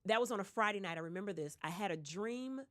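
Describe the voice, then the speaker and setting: Talking fast in a radio studio, this Detroit-accented woman is a guest singer sharing stories in a relaxed interview. The studio mic gives a dry, studio-quality recording, and she voices the people she quotes with dramatic pitch leaps.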